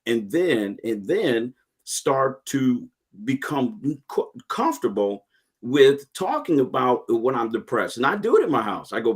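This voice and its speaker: A middle-aged man in a relaxed interview, telling his story with earnest energy. He often doubles back on his words before pushing on. His voice sits in an ordinary middle register. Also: medium pitch, moderate pace, husky. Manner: earnest, animated storytelling with repeated restarts. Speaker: guest, retired Marine and podcast host. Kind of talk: casual interview chat.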